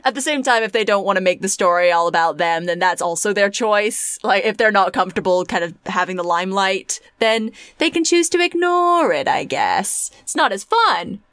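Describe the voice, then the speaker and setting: Woman host, chatty and giggly, dry close sound, quick bursts. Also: medium pitch, lively intonation, a bit bright, smooth, no room sound. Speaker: podcast host. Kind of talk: casual podcast chat.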